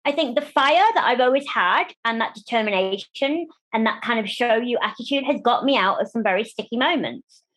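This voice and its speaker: A disability rights campaigner from Germany, her pitch fairly high and her pace a little fast, chats animatedly with an interview-show host. She speaks candidly about her own life and dramatizes the voices of those she quotes.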